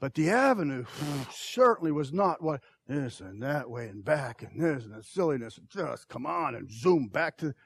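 A middle-aged man, a pastor telling a personal story in a sermon, swinging from loud bursts to quiet asides. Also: medium pitch, very animated, normal speed, creaky, hardly any pauses, slightly rough.

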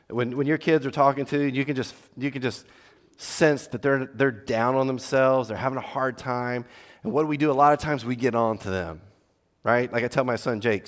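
A middle-aged man preaching an earnest sermon to fathers, swinging between loud emphasis and hushed, tender lines. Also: mid-range voice, quick pace. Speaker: pastor. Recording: long hall reverb.

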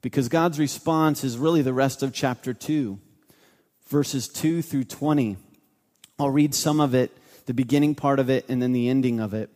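A man's voice: medium pitch, moderate pace, darkish tone. A man preaching a sermon as pastor, emphatic and repeating his key phrases for weight. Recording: long hall reverb.

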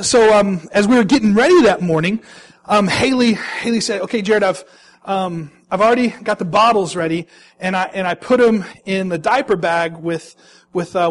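A young adult man, a pastor, telling a self-mocking personal story to an audience in an animated way. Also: high voice. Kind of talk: personal anecdote told to an audience.

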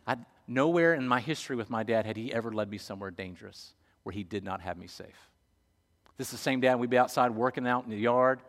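A man preaching a storytelling sermon, moving from loud to hushed, in a church. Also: lowish voice. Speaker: pastor. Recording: echoey hall.

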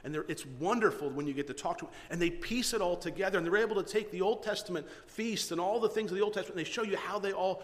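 A man preaching a sermon, retelling a story with animated energy and frequent restarts. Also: high voice, fast talker, hardly any pauses. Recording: long hall reverb.

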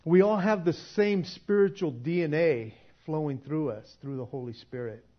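Male preacher, casual sermon, chatty and emphatic, slightly high voice, dull lo-fi recording. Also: moderate pace. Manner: conversational, laughs often, swings from quiet to emphatic.

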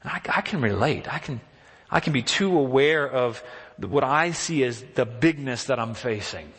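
Animated preacher in a reverberant hall. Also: male voice, moderate pace, breathy edge. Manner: animated, acts out quotes with rising pitch. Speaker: pastor. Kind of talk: sermon.

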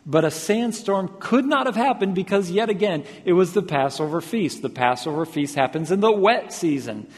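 A man preaching a sermon in a large hall whose long reverb trails after every phrase. His voice sits fairly high for a man. He swings between loud, pressing repetitions and hushed, drawn-out lines. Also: lively intonation. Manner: builds to loud emphatic repetitions, then drops soft and slow.

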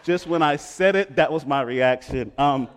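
A middle-aged male pastor preaching a sermon, swinging between loud emphatic lines and hushed quiet ones. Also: fairly high pitch, normal speed, slight background noise.

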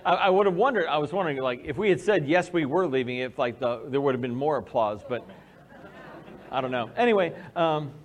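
A man preaching a sermon as pastor, telling a personal story with animated, acted-out quotes. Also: on the high side, a little fast, lo-fi sound.

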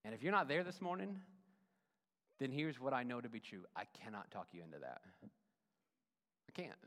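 A male pastor preaching a sermon, swinging from loud emphatic runs to hushed, soft endings. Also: medium pitch, expressive, moderate pace. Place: church sanctuary. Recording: long reverb of a church hall.

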